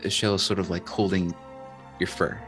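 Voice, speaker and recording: Game-master man, deep voice, slow descriptive narration, soft music bed. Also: flat delivery.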